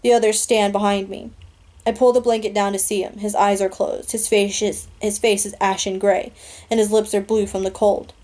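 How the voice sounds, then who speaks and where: A woman reading a novel aloud in a steady, earnest storytelling manner. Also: medium pitch, normal speed. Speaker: audiobook reader.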